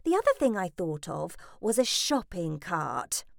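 A fussy middle-aged mother chatters on in a high, sing-song voice that leaps all over the place, as a woman reads her aloud. She is breezy and pushy, never letting anyone get a word in. It's a storybook audiobook voice, close and dry. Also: sing-song, unhurried, vocal fry, no room sound, full character voice. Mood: gushing. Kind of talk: audiobook reading.

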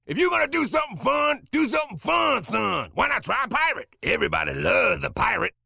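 A manic, bossy director who yells and interrupts, as a man plays him. The voice is high, bright and very gravelly, and it swings wildly, recorded dry. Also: sing-song, a little fast, no room sound, heavily acted.

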